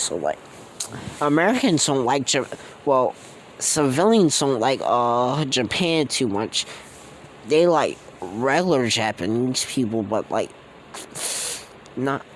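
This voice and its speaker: A man's voice: medium pitch, slight background noise, low-quality recording. A man telling a fan-made story off the cuff, rambling and slangy, with many fillers and restarts. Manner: slangy and casual.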